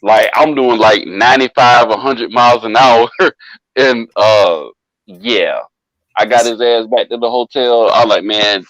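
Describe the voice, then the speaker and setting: A man's voice: mid-range voice, unhurried, no room sound. A man casually telling a long, profane party story to a friend, acting out what people said. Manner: animated, profane, acts out quoted voices. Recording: dull lo-fi dry sound.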